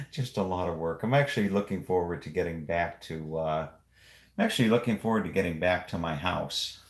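A man casually vlogging as he walks through a house, rambling with frequent halting pauses. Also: low-pitched. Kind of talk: casual walk-through vlog. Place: indoors in a house.

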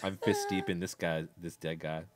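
A man's voice: low voice, wildly swooping pitch, moderate pace, noisy background. A man co-hosting a casual book discussion podcast, blunt and sarcastic in a laid-back way. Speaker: podcast co-host.

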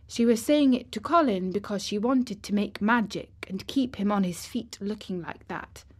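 A woman reading a classic children's novel as audiobook narration, measured and steady. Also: mid-range voice, breathy edge. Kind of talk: scripted narration.

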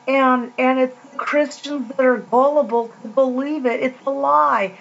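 High-pitched, gravelly and a bit bright, with fairly even intonation, a woman who hosts Christian videos tells stories in a casual devotional talk. She's slow, earnest and rambling, heartfelt throughout, in a dull lo-fi home recording.

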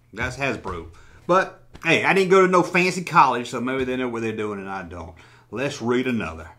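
In a casual comment-reading vlog, a toy-collecting YouTuber trades in sarcastic humor and swears freely. His medium-pitched voice sounds pushed and bright, with lively intonation at a moderate pace.

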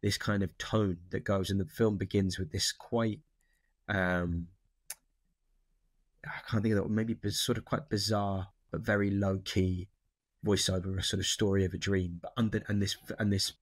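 A man chats as an interview guest, his voice sitting low and recorded close and dry. He wanders through his thoughts, restarting sentences as he goes. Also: fairly even intonation, moderate pace, no echo. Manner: thoughtful, rambling with many restarts. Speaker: actor guest. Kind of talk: casual interview chat.

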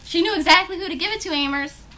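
A woman's voice: very high voice, quick pace, bright, forceful tone, slight background noise. A young woman, gushing and gasping through an unboxing vlog at home while talking to her small daughter. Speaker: beauty vlogger, mother. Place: home room.

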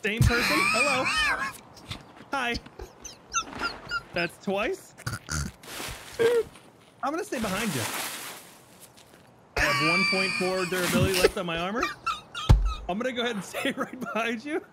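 A man's voice: very high voice, huge pitch swings, a little slow, pauses often, very noisy. A man playing a shooter game with friends, making wary callouts and dry jokes over a headset mic. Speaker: squad teammate. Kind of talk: casual gaming chat.

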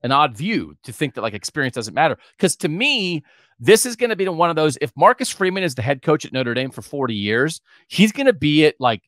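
A man's voice: a little high, very animated, brisk, a bit bright, dry recording, clean studio sound. A man co-hosting a sports podcast, chatting animatedly and thinking aloud. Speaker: podcast co-host. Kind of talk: casual sports talk podcast.

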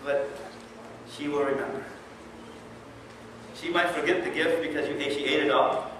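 Speaking at normal speed with a fairly high pitch, a male Islamic lecturer gives a sermon that is animated and conversational, full of questions for the audience. The sound comes from far off in a noisy, echoing hall.

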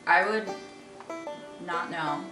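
A young woman from California, a friend joining a casual eating vlog, teasing and goofy with bursts of loud enthusiasm. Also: lowish voice, takes it slowly. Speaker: guest friend. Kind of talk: casual chat while eating. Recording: echoey room, mic far off, music playing behind.

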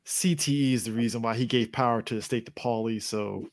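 A man's voice: mid-range voice, fairly quick, no room sound. A man co-hosting a casual podcast chat, cracking jokes and laughing often. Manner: joking, laughs a lot. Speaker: podcast co-host.

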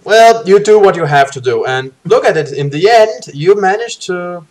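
A man's voice: high-pitched, animated, moderate pace, darkish tone. A man running a co-op gamebook session, joking with his players and reading the story passages aloud. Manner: jokey, trails off into hedges. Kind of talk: casual co-op play with read-aloud narration.

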